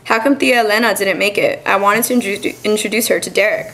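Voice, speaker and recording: Outspoken mid-20s girl, teasing and sharp read by a woman. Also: medium pitch, quick pace, close to an everyday voice. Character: headstrong young woman in her twenties.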